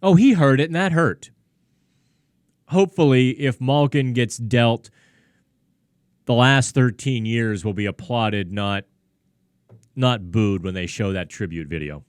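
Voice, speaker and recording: A man's voice: mid-range voice, a little slow, pauses often, smooth, no echo, clean studio sound. Chatty male sports talk host. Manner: conversational, frequent restarts and asides. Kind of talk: live-streamed hockey talk answering chat questions. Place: studio.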